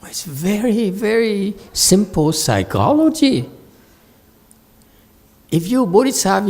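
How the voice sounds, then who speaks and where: A man giving a Buddhist Dharma lecture, halting with fillers, often checking that listeners follow and teasing them now and then. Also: sits high, very animated, a little mellow. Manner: slow, halting with many fillers, asks listeners to confirm; playful teasing asides to the audience. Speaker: Buddhist teacher. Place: meditation center hall.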